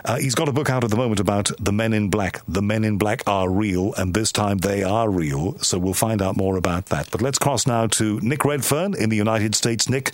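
A British man presents a radio interview programme in a relaxed, chatty way. His voice sits on the low side and comes through dry and close, with no room sound around it. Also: normal speed, hardly any pauses, dry recording. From United Kingdom. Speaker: radio show host.

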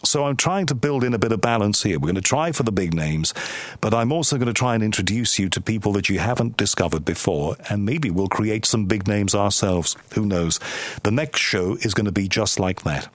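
A man's voice: fairly low pitch, animated, a little fast, no echo. A British man hosting a radio interview show, introducing his guest and chatting conversationally. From United Kingdom.

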